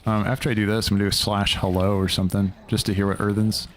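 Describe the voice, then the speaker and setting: A man's voice: on the low side, flat delivery, fast talker, a little hiss or hum. A young man streaming a video game live, chatting loosely and rambling, swearing casually as he plays.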